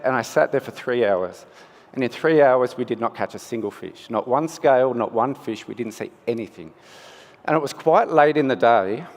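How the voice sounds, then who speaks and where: A male scientist, telling a first-person story in a relaxed, conversational way during a conference talk. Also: medium pitch. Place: conference hall. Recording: long hall reverb.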